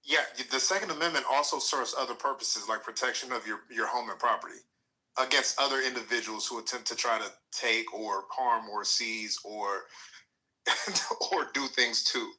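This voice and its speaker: A man in a live-chat debate, explaining his point at length in a measured way. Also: medium pitch, sharp tone, rough recording. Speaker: participant in a live audio chat. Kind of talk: heated live-stream debate.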